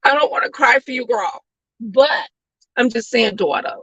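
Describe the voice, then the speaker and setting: A woman hosting an online talk show, ranting loudly and profanely in sassy commentary, often shouting. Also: fairly high pitch, normal speed, husky, no room sound, dull audio. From West Coast of the US. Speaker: host.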